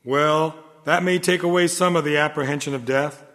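A man delivering a solemn sermon in a measured, earnest manner. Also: fairly high pitch, fairly even intonation, a bit bright. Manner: solemn, measured, rises in fervor. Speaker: preacher. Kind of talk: sermon reading. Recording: long hall reverb.

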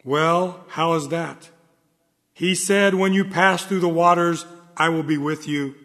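A man delivering a solemn sermon in a measured, earnest manner. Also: on the high side, steady tone, a bit bright. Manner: solemn, measured, rises in fervor. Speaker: preacher. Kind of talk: sermon reading. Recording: long hall reverb.

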